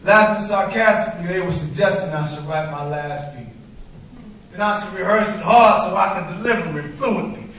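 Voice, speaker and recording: High-voiced man performing spoken word poetry. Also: normal speed, fairly bright tone. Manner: rhythmic, emphatic poetic delivery. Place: live open mic venue. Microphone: stage microphone. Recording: very echoey room from far off, faint noise.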